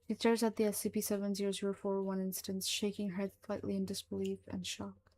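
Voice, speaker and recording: A woman narrating a horror story in a slow, hushed, even manner. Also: mid-range voice.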